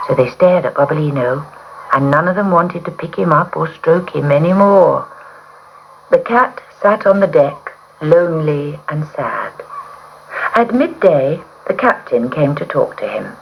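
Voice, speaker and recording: A woman's voice: low voice, animated, a little slow, vocal fry. A woman reading a children's story aloud with dramatic expression, on a muffled recording with hiss.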